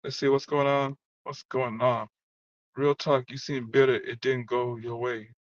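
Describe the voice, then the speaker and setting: A man's voice: medium pitch, little pitch movement, unhurried, dry recording. A man vlogging a heated, rambling monologue, cursing and repeating the same filler as he talks to someone who wronged him. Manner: rambling, profane, keeps repeating "you know what I'm saying". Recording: dull lo-fi dry recording.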